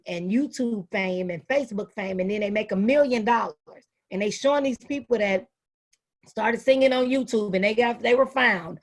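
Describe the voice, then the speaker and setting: High-voiced woman hosting a video-call talk. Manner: lively storytelling, calls people baby and sweetie. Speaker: host and educator. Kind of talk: casual panel discussion.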